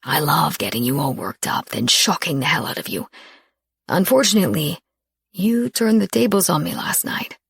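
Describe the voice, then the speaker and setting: A cocky young man in a romance audiobook, teasing and low-voiced, as a woman narrator puts him on. The voice is a little husky and the recording is close and dry. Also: lively intonation, normal speed, no room sound, heavily acted. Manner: teasing, lowered voice.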